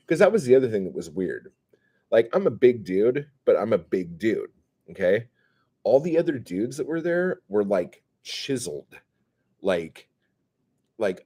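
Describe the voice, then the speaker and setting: A man casually telling a profane, self-mocking story on a live stream, swinging between loud outbursts and mumbles. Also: deep voice. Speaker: comedian hosting a live stream.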